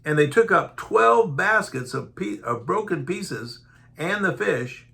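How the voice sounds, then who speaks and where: A man's voice: mid-range voice, vocal fry. A man preaching a Bible teaching sermon, reading verses aloud and then retelling them in folksy everyday speech, acting out the disciples' voices. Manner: animated, acts out the disciples' voices.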